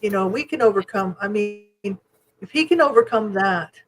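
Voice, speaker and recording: A woman co-hosting a podcast, telling stories in a casual chat, openly emotional and animated, acting out what others said. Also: mid-range voice, normal speed, faint music behind, rough recording. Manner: emotional, animated storytelling with quoted voices. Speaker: podcast co-host.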